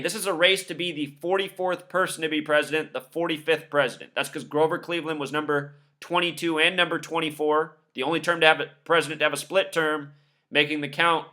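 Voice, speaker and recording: A man's voice: a little high, steady tone, brisk, bright, forceful tone. A man giving a scornful, emphatic commentary monologue, listing numbers one after another. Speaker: video commentator. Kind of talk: monologue over news clips.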